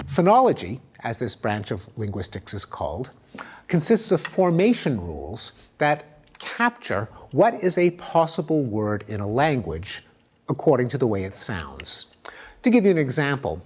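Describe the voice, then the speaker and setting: A man giving an academic lecture, explaining with lively emphasis and spoken examples. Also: mid-range voice, normal speed, breathy edge.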